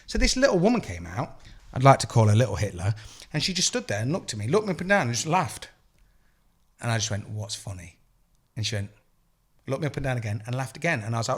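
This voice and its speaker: A man with a British accent telling an animated, profane story as a podcast co-host, acting out the dialogue. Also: medium pitch, fast, slightly rough. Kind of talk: casual storytelling chat.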